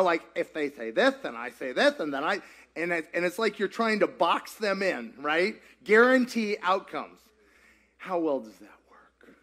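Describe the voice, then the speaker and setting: A man's voice: high voice, fairly bright tone. A man leading a church teaching session, playful and jokey, asking the audience questions and repeating their answers. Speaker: pastor leading a group discussion. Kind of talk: interactive teaching talk with audience.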